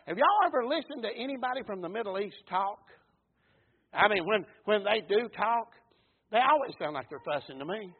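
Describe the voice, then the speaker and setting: A man preaching a sermon in a folksy way, repeating words, building to loud calls and then dropping low. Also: expressive, normal speed, husky. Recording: tinny phone-like recording.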